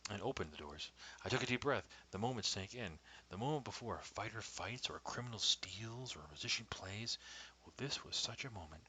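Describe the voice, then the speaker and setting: Brief: man, low voice, measured first-person storytelling, slips into hushed whispers, faint hiss. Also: expressive, low-quality recording. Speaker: storyteller reading his own story.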